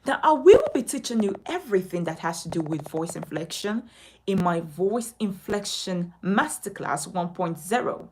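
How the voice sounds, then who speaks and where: A woman teaching a speech lesson, emphatic, her pitch rising and falling widely. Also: lively intonation, normal speed, noisy background. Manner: emphatic, sweeping rises and falls in pitch. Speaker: speech coach. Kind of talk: spoken lesson to camera.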